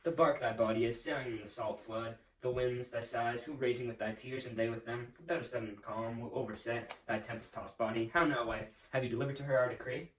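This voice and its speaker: A man's voice: mid-range voice, fairly even intonation, a little fast, hardly any pauses, far from the mic, natural voice. A man playing a furious, domineering nobleman father in an amateur Shakespeare reading, with blustering, theatrical rants. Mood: grieving. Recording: roomy echo, off-mic.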